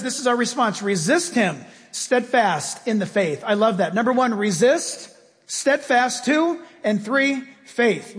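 A man preaching a sermon in an animated, conversational way, acting out the story characters. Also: very high-pitched. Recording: long hall reverb.

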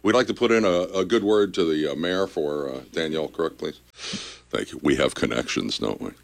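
A man's voice: a bass voice, a little fast, creaky, dry recording. A man hosting a morning radio show, chatting and joking in an upbeat way over a faint music bed. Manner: chatty, jokey, lively delivery.

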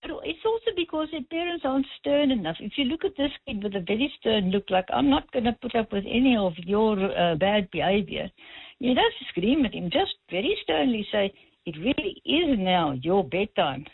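A woman's voice: a little high, lively intonation, brisk, vocal fry, slightly rough, no room sound. Woman caller on a tinny phone line. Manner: firm, storytelling, some hesitations. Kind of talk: phone-in storytelling. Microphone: telephone.

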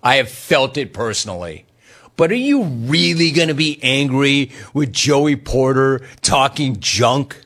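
On a sports talk radio show, a male host teases rival fans with laughing mockery and reads chat messages aloud. His voice is fairly high and fairly bright.

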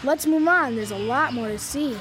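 A woman's voice: high voice, moderate pace, a bit bright, a little hiss or hum. A woman voicing an honest, cautious schoolboy in a children's radio drama, earnest and a bit hesitant.

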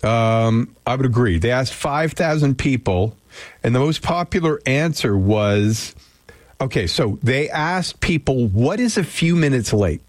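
A man's voice: mid-range voice, expressive, unhurried, no room sound. Rambling male radio host. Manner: rambling, self-interrupting, joking. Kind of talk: casual morning radio chat. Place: radio studio. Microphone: studio microphone.

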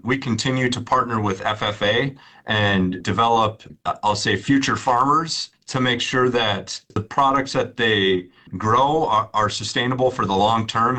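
A man's voice: on the low side, bright, forceful tone. A man, a company executive, answering interview questions, often repeating and restarting words.

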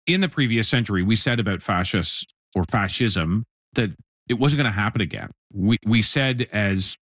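A man interviewing a guest, asking his question deliberately and searching for words. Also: fairly low pitch, lively intonation, a bit bright, no room sound.

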